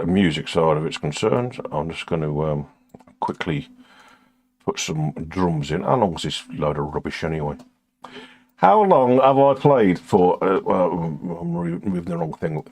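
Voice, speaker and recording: A man's voice: low voice, vocal fry, a little mellow. An older man chatting casually on a live stream while recording music, sardonic and crude, muttering to himself as he works.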